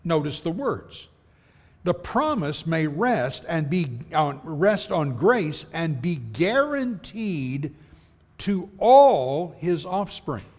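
Male preacher, slow and animated, long church reverb. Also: fairly high pitch. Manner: earnest, emphatic, reads scripture slowly. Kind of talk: sermon. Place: church auditorium.

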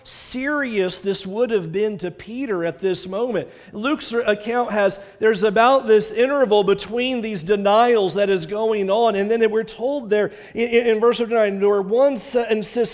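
High-voiced man preaching in a reverberant hall. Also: measured pace, few pauses. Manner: earnest preaching, dramatic retelling with rising intensity. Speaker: pastor. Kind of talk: sermon.

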